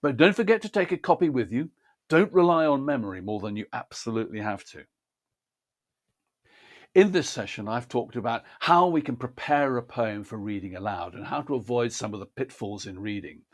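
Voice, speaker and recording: A man explains poetry reading in a careful, precise teaching manner. His pitch sits in an ordinary middle range, and he lays out each point methodically. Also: animated, normal speed. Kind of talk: scripted instructional talk.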